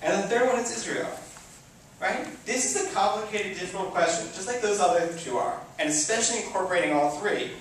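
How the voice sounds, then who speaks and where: A young man who is a rabbi giving personal opening remarks to an audience, chatty and self-deprecating, with many restarts and sudden animated outbursts. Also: high-pitched, brisk, a little hiss or hum. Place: event hall before a live audience. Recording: very echoey hall, voice from far off.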